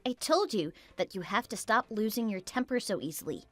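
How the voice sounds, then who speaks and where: A woman's voice: medium pitch, expressive, fairly quick, a bit bright, faint music behind. A synthetic female voice reading a worried wife who presses her husband with anxious questions in a text-message story.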